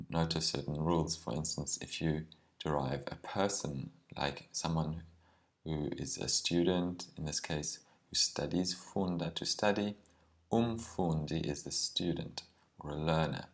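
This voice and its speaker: A man teaching a language lesson, explaining words carefully and sometimes slowing down to spell out meanings. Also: very deep voice. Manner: careful and explanatory, with some ums and slowed words.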